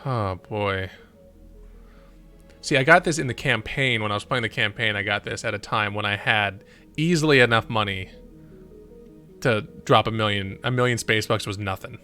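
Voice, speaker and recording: A man talks casually to himself while streaming a game. His voice sits low but sounds bright, with faint music behind him. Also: moderate pace, pauses often. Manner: muttering, thinking aloud. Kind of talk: casual gameplay commentary.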